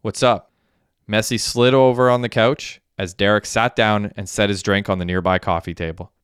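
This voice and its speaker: A man narrating an audiobook in a steady, even reading. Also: fairly low pitch, moderate pace, clear, resonant tone, no echo, clean studio sound. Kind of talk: scripted narration.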